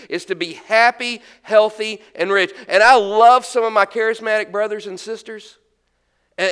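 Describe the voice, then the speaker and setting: High, clear-voiced preaching man. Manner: dynamic preaching, swinging between loud emphasis and hushed lines. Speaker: pastor. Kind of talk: sermon.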